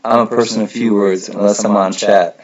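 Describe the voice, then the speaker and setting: A man's voice: lowish voice, flat delivery, normal speed. A man hosting a casual livestream chat, rambling and correcting himself as he goes, often laughing. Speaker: livestream host. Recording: dull lo-fi stream audio.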